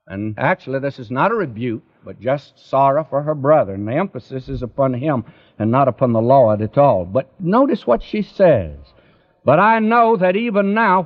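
A man delivers a Bible sermon at an unhurried, deliberate pace, pleading earnestly with his listeners. His voice swells up in emphasis again and again. The sound is muffled and lo-fi, like an old radio broadcast. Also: on the high side. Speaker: preacher. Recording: dull lo-fi radio recording.

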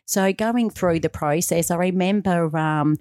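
Woman, middle-aged, radio guest, storyteller, lowish voice, dry studio sound. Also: unhurried, no room sound. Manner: animated storyteller, acting out quotes. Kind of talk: casual interview chat.

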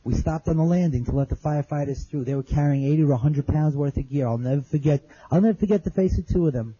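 A man's voice: fairly high pitch, quick pace, warm tone, husky, lo-fi sound. A man telling an audience his survival story in plain, earnest words, repeating phrases as he remembers. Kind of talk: spoken testimony to an audience.

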